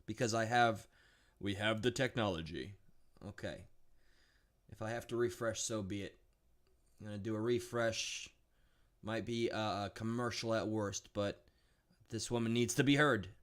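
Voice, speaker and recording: Male live-stream host, indignant, blunt, mid-pitched, casual. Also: fairly bright tone. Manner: blunt, indignant, thinks aloud with restarts.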